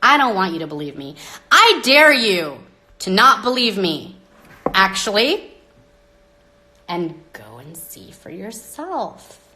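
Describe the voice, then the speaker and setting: Woman, live-stream rant, bright tense voice, dramatic, loud then hushed, phone mic. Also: mid-range voice, big pitch swings, slow, pauses often. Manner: dramatic, exasperated, swinging between loud outbursts and hushed asides. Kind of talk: rambling live-stream monologue.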